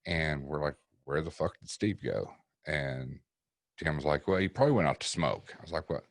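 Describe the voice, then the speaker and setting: Very deep-voiced man. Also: lively intonation, normal speed, no room sound, clean studio sound. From East Tennessee. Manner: profane, vivid storyteller acting out quotes. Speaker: paranormal investigator guest. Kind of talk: casual storytelling on a podcast.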